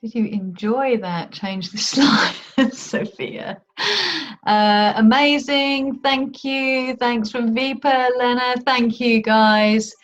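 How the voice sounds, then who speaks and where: A woman with a fairly high voice coaches a live online class in a chatty, informal way. Her tone is upbeat. The sound is dull and lo-fi, as on a video call. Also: steady tone, slow, soft background music. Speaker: money mindset coach.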